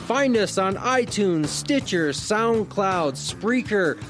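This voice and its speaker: This is a male podcast host with a somewhat high voice who asks friendly, plain questions and reads out the show's sign-off. Faint music sits quietly underneath him. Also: expressive, takes it slowly. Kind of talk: interview hosting.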